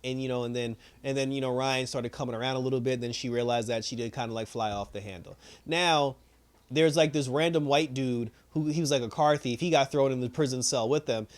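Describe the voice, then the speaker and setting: A man's voice: mid-range voice, steady tone, fairly quick. Rambling man recapping a TV episode. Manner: rambling, many fillers, acts out quotes, laughs often. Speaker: TV review host.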